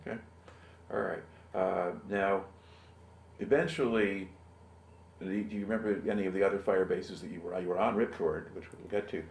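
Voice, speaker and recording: Low, gravelly man as a patient history interviewer; roomy sound. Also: moderate pace. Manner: patient, steady questioning with short affirmations. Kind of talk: interview questions.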